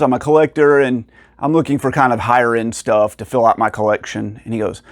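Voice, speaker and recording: A man casually telling stories about finding rare video games, acting out the people in them with sudden jumps in pitch and frequent laughs. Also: normal speed, dry recording, clean studio sound. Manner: animated, acts out quoted dialogue with pitch jumps. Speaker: video game collector and channel host. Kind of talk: casual storytelling to camera.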